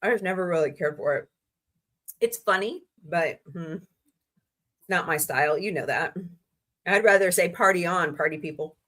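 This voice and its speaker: A woman's voice: fairly low pitch, lively intonation, moderate pace, long pauses, fairly bright tone. A woman from Missouri hosting a casual live stream, chatty and rambling with frank asides to her viewers. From Missouri, USA. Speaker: livestream host.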